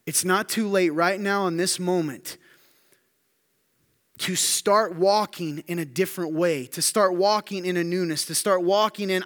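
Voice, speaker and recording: A male pastor delivering a sermon in a church hall with a long, ringing reverb. His voice sits a little high and grows loud and insistent as he repeats phrases. He keeps checking in with the room through short rhetorical questions. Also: measured pace. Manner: emphatic, building to loud high-pitched intensity; repetitive rhetorical questions to the congregation.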